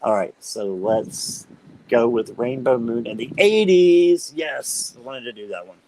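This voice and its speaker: A man hosting a live stream, chatting casually with viewers by name and reading tarot cards, upbeat and quick to laugh. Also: medium pitch, expressive, dark tone, rough recording. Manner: chatty and upbeat, laughs often while talking; talks directly to viewers by name.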